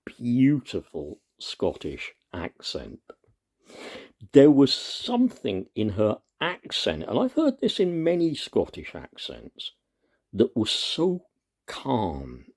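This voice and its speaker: Slow, earnest man with a lively voice. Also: deep voice, slightly rough. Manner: earnest, emphatic, with long pauses and stress on single words. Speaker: video commentator. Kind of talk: impassioned personal monologue.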